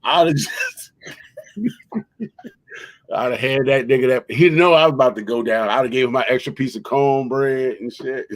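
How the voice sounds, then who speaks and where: A man's voice: medium pitch, normal speed, pauses often, dry recording, poor audio. A man, hosting a stream and telling exaggerated comic stories with lots of laughter. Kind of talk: joking storytelling on a livestream.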